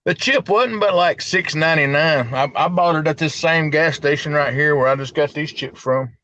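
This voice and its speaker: A man's voice: fairly high pitch, normal speed, pushed and bright, muffled recording, a little hiss or hum. A middle-aged man, chatting casually on a live stream from a gas station at night, drawling and repeating his words. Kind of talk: casual chat.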